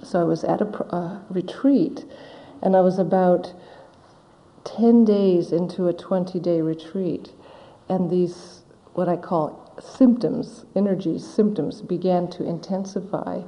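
Slow, gentle woman teaching meditation. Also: lowish voice, steady tone. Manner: slow, gentle, reflective storytelling. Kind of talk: dharma talk. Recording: dull audio in a large hall with long reverb.

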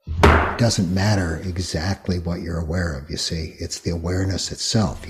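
An older man guiding a meditation talk, speaking slowly and gently with many long pauses. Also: low voice. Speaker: meditation teacher. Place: retreat hall.

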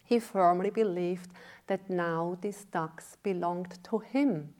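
Give me a woman giving a slow, calm dharma talk with a parable. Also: lowish voice. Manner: slow, deliberate storytelling. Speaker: meditation teacher.

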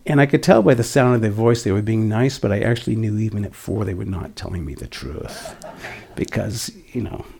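A man in his sixties from the Boston area, giving a gentle, reflective dharma talk whose voice often drops to a near whisper. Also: on the low side, fairly quick, creaky, slightly rough. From Boston area, USA. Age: 60s. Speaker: meditation teacher.

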